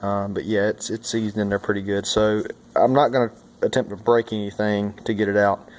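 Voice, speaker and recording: A man's voice: on the low side, little pitch movement, brisk, darkish tone. A man talking through a repair step by step in a casual, folksy way, with many fillers. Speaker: mechanic and channel host. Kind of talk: hands-on repair tutorial.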